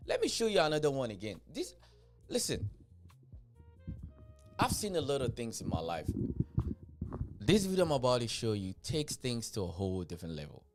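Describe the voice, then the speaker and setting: A man's voice: mid-range voice, moderate pace, long pauses, faint music behind. A man hosting a reaction video, talking casually and laughing in disbelief at clips. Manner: animated, laughing, incredulous.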